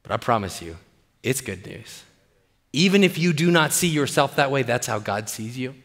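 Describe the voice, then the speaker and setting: Lively, playful preacher man. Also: medium pitch, a little fast, in a large hall. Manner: animated, playful, asks the crowd questions. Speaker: pastor. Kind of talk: sermon.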